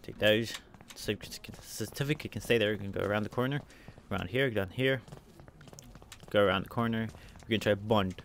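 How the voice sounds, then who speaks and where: A man rattles through live game commentary in a fairly low voice, narrating each step and spelling words letter by letter. A faint hiss and the odd click sit behind him. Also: normal speed. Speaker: let's play gamer.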